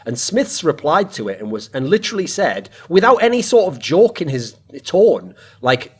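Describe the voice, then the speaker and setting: Animated husky-voiced male podcast host. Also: on the high side, moderate pace, hardly any pauses. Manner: animated, rambling analysis. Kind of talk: casual chat.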